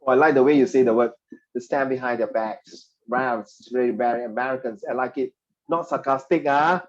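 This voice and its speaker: A man teaching a history class, animated and teasing, slipping Mandarin phrases into his English. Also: mid-range voice, fast, muffled recording. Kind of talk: classroom lecture.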